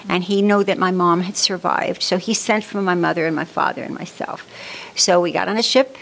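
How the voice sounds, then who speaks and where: A woman's voice: lowish voice, fairly even intonation, brisk, gravelly, a little hiss or hum. A woman in her seventies, born in Germany and raised in New York, unhurriedly telling her life story as an interview guest. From born in Germany, raised in the Bronx, New York. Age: 70s.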